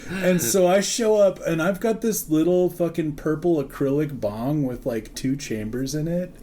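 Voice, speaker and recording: A man's voice: on the high side, normal speed, mellow. A young man hosting a podcast, telling a profane, laughing story in casual chat and acting out the people in it. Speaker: podcast host.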